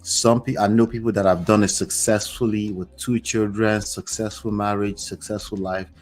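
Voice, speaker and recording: A man's voice: on the low side, flat delivery, moderate pace, darkish tone. A man hosting a livestream, reading a story aloud and breaking off for chatty asides to his viewers. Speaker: host.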